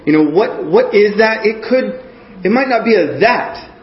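A man's voice: sits high, animated, measured pace. A man giving a conversational sermon, earnest and often checking in with his listeners. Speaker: preacher. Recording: echoey muffled room recording.

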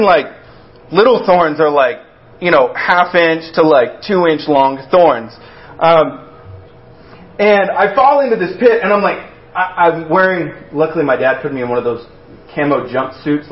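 Male preacher, slightly high voice, loose storytelling delivery, dull recording. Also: expressive, moderate pace. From Texas. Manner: conversational and storytelling, with many restarts and acted-out quotes. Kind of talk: sermon.

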